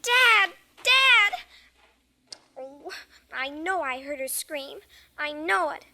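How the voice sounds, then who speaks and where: A woman's voice: extremely high pitch, very animated, slow pace, bright, forceful tone, exaggerated voice. An actress playing a frightened, insistent young girl in a 1950s radio drama, pleading and frantic.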